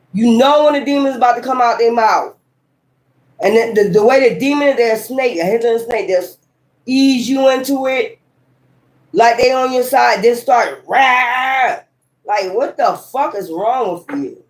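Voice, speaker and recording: Over poor audio, a woman with a higher-pitched voice does a casual tarot reading to camera. She talks bluntly and with heat, cussing often, rambling emphatically, and throwing in abrupt exclamations.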